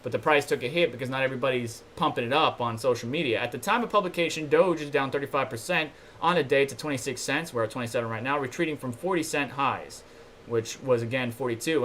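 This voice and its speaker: This host speaks fast in a mid-range, fairly bright voice, with slight background noise behind him. Chatty and loose, he runs a casual crypto news livestream, reading articles aloud and commenting, with asides to viewers between pieces.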